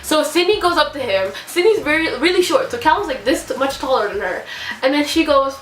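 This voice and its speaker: A young woman vlogger telling an excited story-time tale, gushing and giggly, breathless with excitement. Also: high-pitched, fairly quick. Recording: echoey room, mic at a distance.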